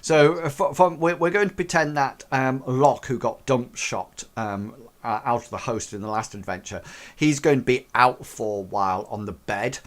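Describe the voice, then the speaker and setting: A man's voice: medium pitch, moderate pace. A man running a tabletop game as game master, narrating in a rambling way full of "sort of, like" fillers.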